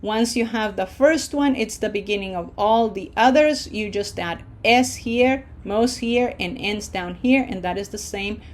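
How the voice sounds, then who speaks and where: A woman teaching a language lesson, checking in with her students and slowly modeling each pronunciation for them to repeat. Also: mid-range voice. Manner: slow, deliberate modeling of pronunciation with encouraging checks. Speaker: Spanish teacher.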